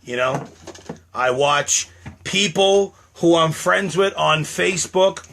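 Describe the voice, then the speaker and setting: A man's voice: a little high, slow, gravelly, a bit bright, slight background noise. A man, a comedian, in a comic rant to camera, mock-indignant and exaggerated, repeating phrases over and over.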